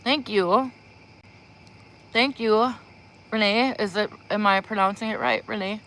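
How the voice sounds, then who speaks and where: In a small room, a woman talks into a propped-up phone on a livestream, chatting casually before her spiritual readings. Her voice is mid-range with a fairly bright tone, and she's a slow talker who rambles and giggles.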